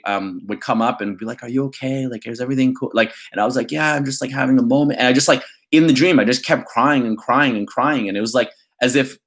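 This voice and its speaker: A man's voice: medium pitch, fairly bright tone. A young man vlogging candidly, rambling and filling his talk with "like" before reading his own poem. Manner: rambling, full of "like" fillers. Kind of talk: candid reflective vlog with poetry reading.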